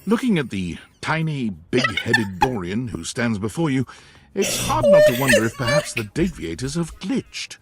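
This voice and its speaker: A man's voice: mid-range voice, wildly swooping pitch, moderate pace, very noisy. A man giving wry scripted narration for a game. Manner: wry, descriptive storytelling. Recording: game audio with background music.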